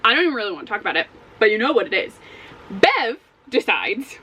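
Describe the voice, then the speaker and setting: A woman giving a casual spoken book review as a vlogger, animated and exasperated, swearing often. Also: medium pitch, fast talker, breathy edge, low-quality recording.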